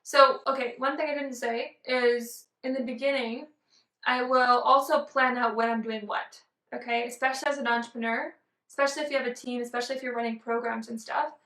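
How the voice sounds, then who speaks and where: A woman's voice: on the high side, steady tone, a little fast, pushed and bright, echoey room, far from the mic, rough recording. A woman vlogging casually to camera from a room at home, bubbly and exclamatory as a business coach. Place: room in a house. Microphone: camera on tripod.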